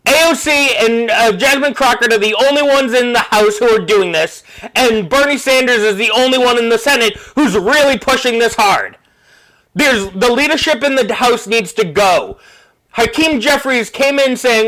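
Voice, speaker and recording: A man hosting a podcast, delivering an angry, profane political rant in a low-quality first recording. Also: normal speed, pushed and bright. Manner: furious, profane, ranting. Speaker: podcast host.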